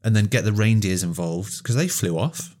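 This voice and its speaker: A man's voice: lowish voice, normal speed. A man co-hosting a casual film podcast, eagerly spinning out ideas. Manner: animated, spins ideas. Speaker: podcast co-host.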